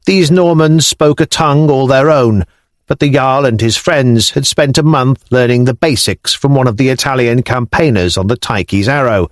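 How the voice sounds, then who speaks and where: A male audiobook narrator reading in a measured, expressive manner, his pitch rising and falling freely. The recording is dry and close, with no room sound. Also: dry recording. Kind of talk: scripted narration.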